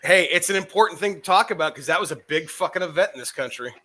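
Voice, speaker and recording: Male co-host, quick profane banter, high bright voice. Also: animated. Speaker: podcast co-host. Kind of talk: casual comedic banter.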